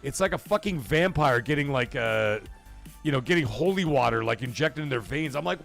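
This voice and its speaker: Brisk and gravelly at a medium pitch, this livestream host curses liberally and spins meandering, lively stories while going through viewer comments. Soft music plays in the background.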